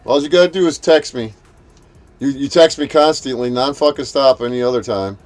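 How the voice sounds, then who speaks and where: A man's voice: medium pitch, brisk, darkish tone. A man hosting a live stream, ranting at a rival and at trolls in a profane, confrontational, mocking way while greeting his chat. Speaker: livestream host.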